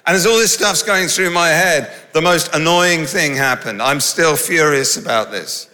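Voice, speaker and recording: Male preacher, self-mocking and animated, bright voice, echoing hall. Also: on the high side, normal speed, hardly any pauses. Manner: animated, self-mocking, laughs through stories. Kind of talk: humorous sermon storytelling. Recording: large hall with long reverb.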